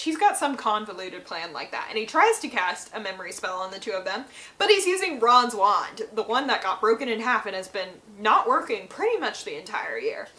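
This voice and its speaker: A woman's voice: medium pitch, big pitch swings, fairly quick, few pauses, sharp tone, poor audio. A woman host chatting through a casual, rambling book recap with lots of fillers.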